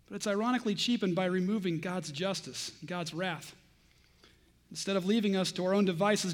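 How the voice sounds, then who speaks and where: A man giving a sermon-style teaching, earnest and pointed, citing scripture chapter and verse. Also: very high-pitched. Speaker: Christian preacher.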